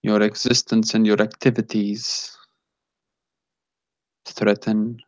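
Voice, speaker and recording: A man playing a cold, clinical male agent who speaks with eerie calm and no feeling, like a robot, in a tabletop game. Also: fairly low pitch, slow pace, dry recording. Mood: cold menace. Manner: eerily calm, flat, robotic delivery.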